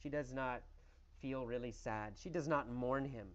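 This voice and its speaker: A man's voice: mid-range voice, measured pace, dull audio. A man teaching English through a story, asking questions and answering them himself with exaggerated emphasis.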